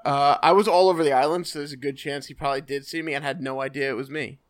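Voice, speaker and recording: Fast-talking, higher-voiced joking man. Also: steady tone. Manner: rapid joking banter. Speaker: podcast co-host. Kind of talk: casual comedy podcast chat.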